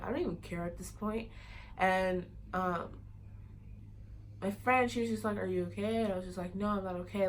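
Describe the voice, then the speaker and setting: A woman's voice: mid-range voice, a little hiss or hum, low-quality recording. Young woman rambling through a story. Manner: rambling, many fillers like "like" and "you know". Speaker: vlogger. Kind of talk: casual storytelling.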